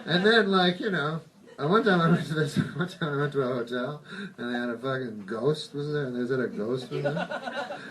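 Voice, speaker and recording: A man doing stand-up, with a rambling deadpan delivery full of swearing and sudden reversals, recorded live in a comedy club. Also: fairly high pitch, moderate pace, slight background noise. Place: comedy club stage with live audience laughing. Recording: bootleg audience recording, distant. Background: audience laughter.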